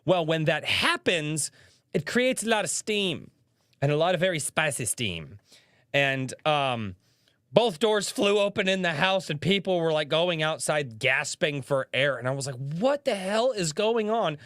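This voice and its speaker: A man's voice: a little high, expressive, a little slow, fairly bright tone, clear, resonant tone, dry recording, clean studio sound. A young man hosting a casual livestream podcast, telling stories and reading chat comments aloud as he talks. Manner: chatty storyteller, reads chat aloud.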